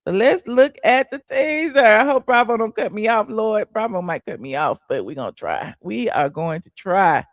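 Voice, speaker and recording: Woman gossip host, sassy and chatty, gravelly voice, dry close sound. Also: deep voice, dry recording. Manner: sassy, chatty, says "honey" and "okay". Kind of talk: casual celebrity gossip livestream.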